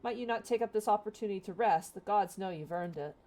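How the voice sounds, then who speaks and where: A woman's voice: medium pitch, fast, dark tone, close to an everyday voice. A woman voicing an earnest, polite young male diplomat, reading formal game dialogue in near her own voice.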